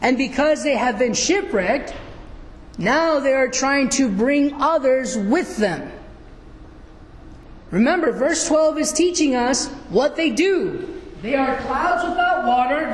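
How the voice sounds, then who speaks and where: Preacher, male, high-pitched, unhurried, teaching from scripture in a reverberant hall. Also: fairly bright tone. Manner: slow, questioning the congregation. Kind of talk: sermon. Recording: echoey hall.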